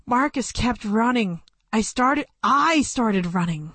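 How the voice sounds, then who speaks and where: In a plain, measured storytelling manner, a woman reads a first-person story as an audiobook narrator, close to a studio mic. Her voice is medium-pitched, animated, a bit bright and slightly rough, with a dry recording.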